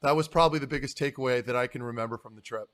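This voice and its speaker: A man's voice: mid-range voice, rapid-fire, a bit bright. A former hockey player co-hosting a podcast, a man chatting casually in an easygoing, joking way. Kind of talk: casual chat.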